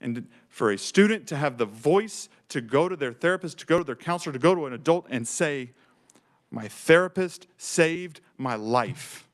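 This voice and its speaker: A man's voice: on the high side, animated, a little fast, few pauses. A man giving emotional, fervent testimony to a legislative committee as a program director, speaking with earnest enthusiasm. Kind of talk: passionate public testimony. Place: state legislature committee room.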